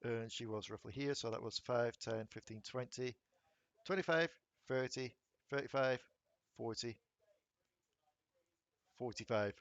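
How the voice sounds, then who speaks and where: Narrating a tabletop game and rolling dice, a game master speaks in a medium-pitched, fairly bright voice on a dry recording. He's talkative, laughs a lot, and fires off rules explanations in quick bursts.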